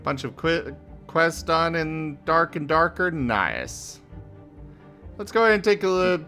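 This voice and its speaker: A young man hosts a live game stream in a high, bright voice that swings widely in pitch. He talks slowly and casually, dropping fillers and laughing often, with faint music playing behind him. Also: very animated. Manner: chatty, laughing, trails off with fillers. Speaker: streamer host.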